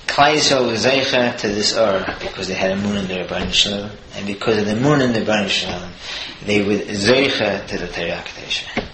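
A man's voice: on the low side, brisk, hardly any pauses. A man giving an explanatory Torah talk, earnestly working through the verses phrase by phrase. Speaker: Torah teacher. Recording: echoey room with steady noise.

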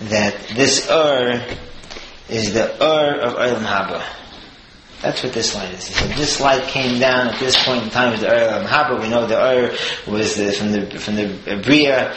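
A man teaches a Torah lesson, earnest and explanatory, unpacking each verse phrase by phrase. His voice sits at an ordinary middle pitch. The room is echoey, with steady noise behind him.

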